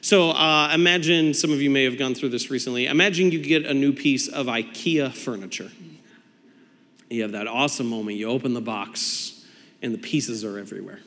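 A man preaching a sermon as pastor, telling stories in a conversational, animated way with quick laughs and acted-out asides. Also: mid-range voice, in a large hall.

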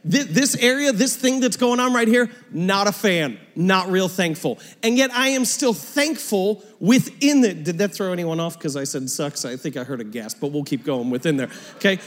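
A man in his thirties preaching a sermon as pastor, conversational and joking, dropping into quiet asides between louder points. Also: high voice. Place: church auditorium. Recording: long hall reverb.

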